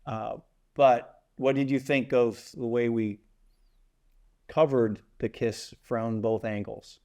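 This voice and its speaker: A man's voice: medium pitch, steady tone, slow, darkish tone. A man hosting a community theater talk show, chatting in a loose, rambling way and making self-mocking jokes. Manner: rambling, joking, restarts often. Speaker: community theater podcast host and epilogue writer.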